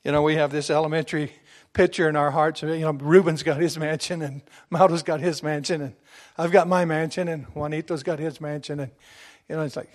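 A middle-aged male preacher with a notably high voice delivers a sermon. He reads and explains scripture with exuberant emphasis and now and then breaks into shouts. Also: fairly even intonation, brisk.

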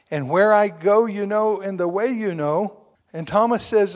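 Man, middle-aged, preacher, sermon, high-pitched, exuberant, emphatic, bursts of shouting. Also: moderate pace.

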